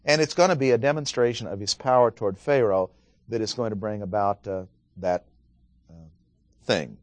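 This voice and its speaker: In a dry recording, a man with a fairly low voice teaches a Bible study at a moderate pace. He keeps it conversational, questioning his listeners and reading scripture emphatically.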